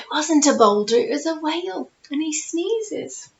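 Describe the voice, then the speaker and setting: A woman's voice: high voice, a little slow, few pauses, a little hiss or hum. A woman teacher reading a picture book aloud to young children at home, playful and asking them questions. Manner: lively, playful, asks the young listeners questions. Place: home with a conservatory. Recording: roomy, dull home recording.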